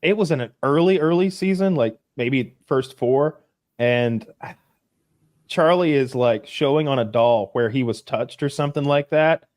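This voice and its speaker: A man's voice: mid-range voice, normal speed, a little mellow, no echo, studio quality. A man in his thirties co-hosting a casual podcast, rambling with stumbling restarts. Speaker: podcast co-host.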